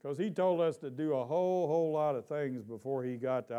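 On a muffled recording, a pastor with a medium-pitched, dark-toned male voice delivers a sermon in church. He calls questions to the congregation for response and reads scripture slowly and emphatically.

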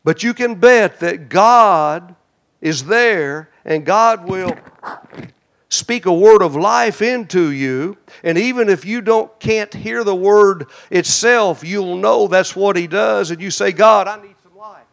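High-voiced preacher, loud then hushed. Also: male voice, slow, creaky. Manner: swings between loud emphatic and hushed prayerful delivery; folksy, addresses the congregation directly. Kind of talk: sermon.

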